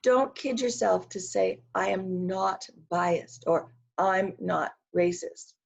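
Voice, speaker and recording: A Canadian woman speaking as a guest in an interview, earnest and measured, slowing down to stress her points. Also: fairly low pitch, vocal fry, slightly rough. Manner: earnest, measured, slows down for emphasis. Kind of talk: conversational interview.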